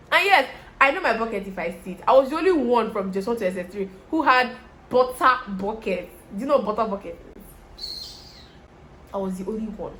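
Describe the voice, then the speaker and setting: A woman's voice: a little high, moderate pace, long pauses, slight background noise. A young Nigerian woman with a Nigerian accent, chatting to viewers and telling a story while doing her make-up. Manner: chatty, animated, addresses viewers directly. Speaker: vlogger.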